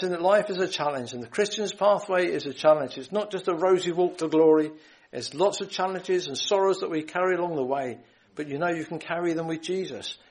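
An earnest male preacher with a slightly raised pitch, pleading with his listeners and quoting scripture in old-fashioned wording. He often repeats and restarts phrases and stops to clear his throat. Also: low-quality recording. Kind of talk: gospel sermon.

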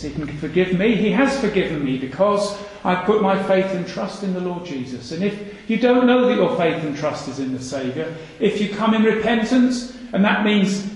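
A man's voice: sits high, animated, moderate pace, hardly any pauses. A man preaching a sermon, earnest and full of rhetorical questions, repeating his phrases for emphasis. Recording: echoey hall reverb.

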